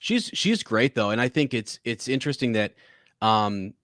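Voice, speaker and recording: A man's voice: mid-range voice, expressive, normal speed, fairly bright tone, dry recording, clean studio sound. A man co-hosting a podcast, chatting casually about a TV episode, rambling with many restarts. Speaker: podcast co-host. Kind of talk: casual TV review chat.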